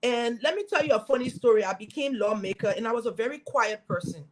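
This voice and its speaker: A middle-aged woman from Liberia speaking, a guest in an interview telling her story as a former senator with lively, preaching energy. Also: a little high, fast talker, rough recording. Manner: animated, preaching storytelling with acted quotes.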